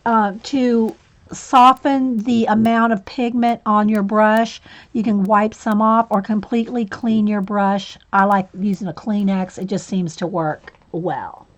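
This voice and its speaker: A woman's voice: mid-range voice, fairly even intonation, measured pace. A woman hosting a casual coloring tutorial, chatty and giggly with frequent fillers. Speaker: coloring channel host.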